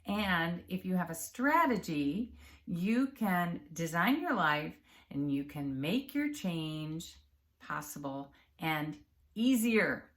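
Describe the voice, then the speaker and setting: A woman health and empowerment coach giving a calm, encouraging talk straight to the viewer. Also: lowish voice. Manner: calm, measured and encouraging, addressing the viewer directly. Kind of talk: direct-to-camera coaching talk.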